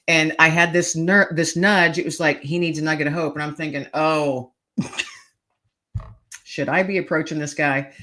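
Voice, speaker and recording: A woman's voice: low-pitched, steady tone, moderate pace, pushed and bright. Middle-aged woman, podcast guest, earnest heartfelt storytelling, keeps repeating her main points. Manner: earnest, emphatic, repeats key phrases.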